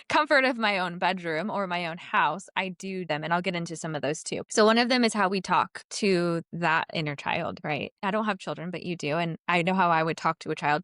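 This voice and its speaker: A low-voiced woman speaks as a therapist guest on a podcast, calm and reassuring, walking through ideas with simple examples. The sound is close and dry, with no room around it. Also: no room sound. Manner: gentle, reassuring, explains with examples. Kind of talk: conversational podcast interview.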